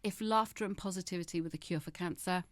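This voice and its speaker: A woman in her fifties, appearing as a podcast guest, speaks frankly in a candid interview, laughing often as she shifts between humor and grief. Her fairly low voice moves quickly, with no echo.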